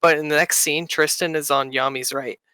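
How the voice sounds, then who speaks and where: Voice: medium pitch, fairly even intonation, moderate pace, a crowd in the background. A podcast co-host chatting casually and reading out trivia. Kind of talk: casual chat.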